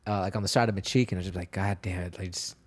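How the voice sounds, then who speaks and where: A young man telling fight stories as a podcast guest, casual, profane and animated, acting out the quotes. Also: low-pitched, racing. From Texas, USA. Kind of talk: casual storytelling interview.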